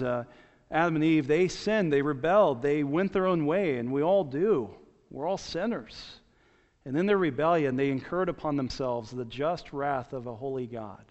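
A man preaching a sermon as pastor, earnest, repeating his key points and restarting phrases. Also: medium pitch. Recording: dull sound with long church reverb.

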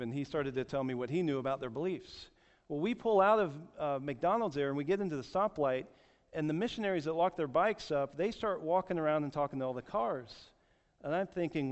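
A man's voice: on the high side, fast. A man in his forties preaching a sermon, telling a story earnestly and often repeating words. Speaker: pastor. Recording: echoey hall, dull sound.

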